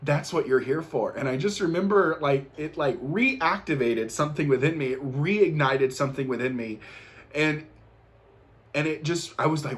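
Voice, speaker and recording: A man with a slightly high voice gives an earnest motivational talk straight to his viewers. He circles back to the same encouragements again and again, restarting sentences as emotion catches up with him. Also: normal speed, fairly bright tone. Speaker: host. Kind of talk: motivational monologue.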